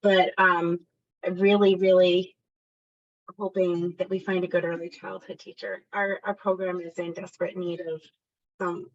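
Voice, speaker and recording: A woman's voice: lowish voice, flat delivery, moderate pace, a bit bright, muffled recording. A woman, an early childhood parent educator, chatting casually in a video meeting with asides. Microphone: video call.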